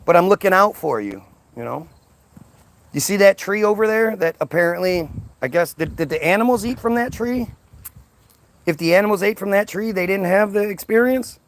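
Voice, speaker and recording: A sly, rude talking snake put on by a man coaxes in a raised, hissing, gravelly voice. It sounds scheming and scornful. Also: high-pitched, expressive, moderate pace, pitched above the performer's own voice.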